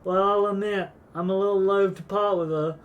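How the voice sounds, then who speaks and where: A man reading as a gruff old junk trader. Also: sits high, fairly even intonation, highs cut off, voice pushed up, natural voice. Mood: folksy. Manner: slow, halting delivery. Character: gruff but well-meaning old male junk trader.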